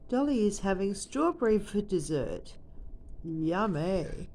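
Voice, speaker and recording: A woman's voice: mid-range voice, sing-song, measured pace, warm tone. A woman chatting to her pet parrot in a sing-song, doting baby-talk way. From Australia. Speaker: pet owner. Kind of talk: casual chat to a pet bird.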